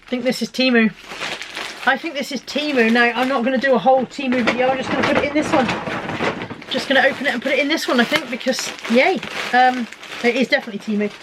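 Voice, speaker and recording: Heavy background noise surrounds a middle-aged woman vlogger whose high voice is steady in tone and quick in pace. She unboxes parcels, handling the packages while chatting casually and making self-mocking jokes.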